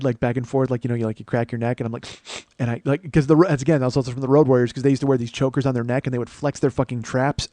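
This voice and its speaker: Guy rambling thru a funny story, swears a lot, mellow dark tone. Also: mid-range voice, no room sound. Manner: rambling, profane, animated storytelling with self-mocking asides. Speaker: comedian podcast host. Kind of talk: solo storytelling monologue.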